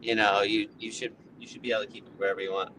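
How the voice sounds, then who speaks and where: A man's voice: on the low side, flat delivery, very fast, a bit bright, a little hiss or hum. A man guest on a phone call from his car while driving, chatting loosely about plants with lots of filler words. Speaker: seed breeder guest. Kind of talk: casual interview chat.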